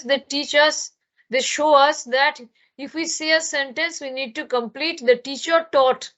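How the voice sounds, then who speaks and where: A woman's voice: high-pitched, fairly even intonation, unhurried, a bit bright, muffled recording. A woman from Bengal, teaching an online grammar lesson and explaining with many fillers and restarts. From Bengal, India. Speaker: spoken English teacher. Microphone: laptop microphone.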